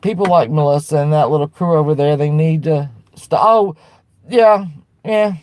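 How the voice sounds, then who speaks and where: A woman hosting a livestream, ranting bluntly with lots of swearing and restarts while answering her chat, then turning soft to apologize. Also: low-pitched, moderate pace, no room sound. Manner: blunt and profane, with frequent restarts; fired-up and defiant, turning soft when apologizing. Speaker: livestream host.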